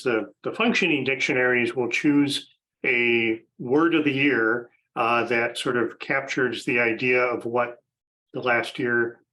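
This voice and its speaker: A podcast host casually introduces a panel of guests, chatting with frequent fillers and restarts. His voice is medium in pitch and a bit bright, and the recording quality is low.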